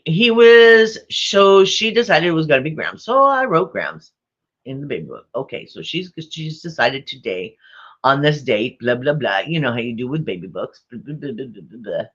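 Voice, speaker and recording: A woman's voice: deep voice, very animated, moderate pace, fairly bright tone, highs cut off. A woman vlogger telling a rambling family story, repeating herself and chuckling often. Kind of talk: casual storytelling.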